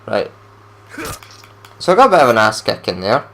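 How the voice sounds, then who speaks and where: Gravelly-voiced man commenting on his gameplay. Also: lowish voice, sing-song, normal speed, a bit bright, a little hiss or hum. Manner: chatty, talks to himself while playing, frustrated outbursts. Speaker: let's play gamer.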